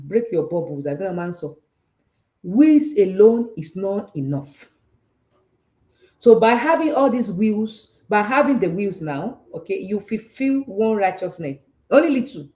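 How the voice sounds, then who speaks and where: A woman with a Nigerian Yoruba accent hosting a talk show on personal finance. She talks in a casual, animated way, repeats herself, and keeps checking that listeners follow. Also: medium pitch. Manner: animated and repetitive, with frequent rhetorical checks. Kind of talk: casual teaching talk, switching between English and Yoruba. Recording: roomy echo.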